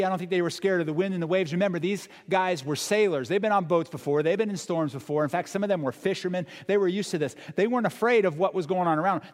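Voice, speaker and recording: A pastor delivers a lively, conversational sermon, punching key words for drama. His voice sits a little high for a man. It rings with the long reverb of a church hall. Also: fast, few pauses. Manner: animated, conversational preaching with dramatic emphasis.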